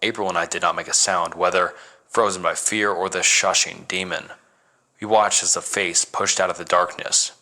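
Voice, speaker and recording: A man reading a first-person horror story as narrator, measured and dramatic. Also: deep voice, steady tone, sharp tone.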